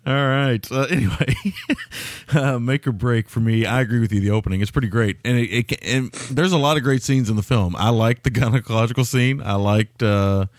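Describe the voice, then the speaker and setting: A man co-hosting a film podcast, chatting casually, jokey and quick to laugh. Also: mid-range voice, dry recording. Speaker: podcast co-host. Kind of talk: casual film review chat.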